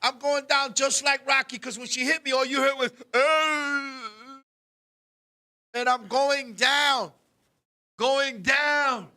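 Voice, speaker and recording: A man with a very high, piercingly bright voice tells a comic story. He talks in an animated, profane way and acts out scenes with sudden shouts, as a co-host of a talk show. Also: measured pace. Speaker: podcast co-host.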